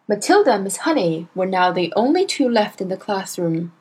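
A woman reading a children's storybook aloud in a measured, expressive way. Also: mid-range voice, breathy edge, rough recording. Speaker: narrator.

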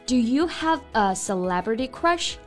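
A woman with a fairly high, lively voice hosts a bilingual English lesson, laughing often as she moves between languages. Soft music plays faintly behind her. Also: measured pace. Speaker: co-host teaching English.

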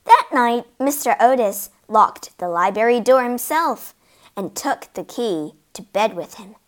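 A woman narrating a children's story aloud in an expressive, inviting way. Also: fairly high pitch. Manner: expressive, slow and inviting, acting out the characters.

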